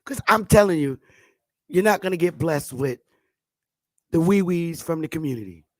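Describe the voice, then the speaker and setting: A woman's voice: lowish voice, expressive, moderate pace, a little mellow, no echo, studio quality. A woman vlogger delivering a profane, taunting ranting monologue and laughing often.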